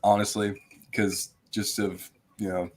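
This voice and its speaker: A man's voice: on the low side, little pitch movement, unhurried. A man hosting a casual movie podcast over a video call, rambling with fillers and restarts. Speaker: podcast host.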